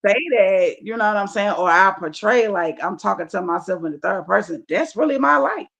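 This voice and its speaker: A woman comedian chatting as a podcast guest, with a gravelly, rough edge to her voice. She talks in a blunt, emphatic and profane way, leaning on repeated phrases and checking whether you follow her. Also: mid-range voice, lively intonation, a little fast, a bit bright, dull audio. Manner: profane, emphatic, keeps asking "you feel me". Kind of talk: casual podcast chat.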